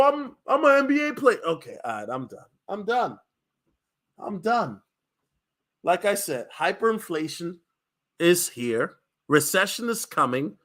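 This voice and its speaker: A man hosting a casual livestream, talking in an emphatic, slangy way and repeating lines for punch. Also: sits high. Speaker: livestream host.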